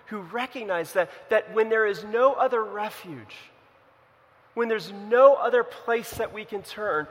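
Guy pastor preaching, high bright voice, acts out the story, loud then hushed, echoey hall. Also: slight background noise. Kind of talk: sermon. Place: church.

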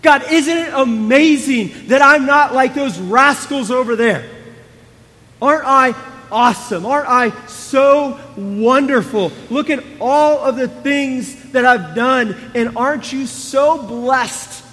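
Man doing a boastful self-praising religious man, raised and loud, long hall echo. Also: very high-pitched, slow pace, pitched above the performer's own voice, heavily acted. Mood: smug. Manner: boastful, preening.

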